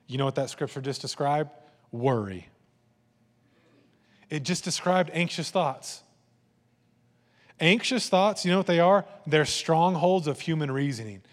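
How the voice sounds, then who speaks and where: A man preaching a lively, conversational sermon, slipping into playful voices and asides. His voice sits a touch high and rings out with a long reverb tail, as in a large hall. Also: a little slow, long pauses. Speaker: pastor.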